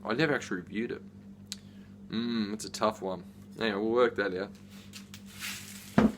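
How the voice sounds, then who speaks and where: A middle-aged man talks through a beer haul in a loose, rambling way, piling up fillers and tangents. His voice sits a little low. A faint hiss of ambience runs underneath. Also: fairly even intonation, a little slow. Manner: rambling, chatty, with many fillers. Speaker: beer reviewer. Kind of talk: casual unboxing chat.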